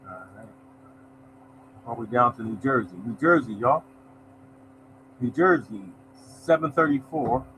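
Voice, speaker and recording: In this low-quality recording with slight background noise, a medium-pitched man with a fairly bright tone hosts a lottery show. He takes his time, leaving long pauses while he reads results and greets viewers by name in easygoing live-stream chat.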